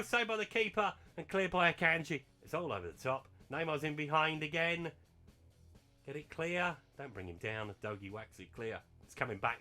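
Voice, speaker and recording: This man's voice is a little high. Hosting a gaming channel, he provides excitable live commentary on a football management game and breaks into shouts and laughter at key moments.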